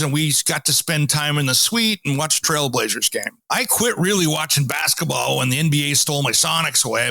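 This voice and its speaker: A man's voice: fairly high pitch, normal speed, vocal fry, dry recording. A man hosting a home improvement show, telling stories in a casual chat and acting out the people he quotes. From Pacific Northwest, US. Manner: animated storyteller, acts out quotes.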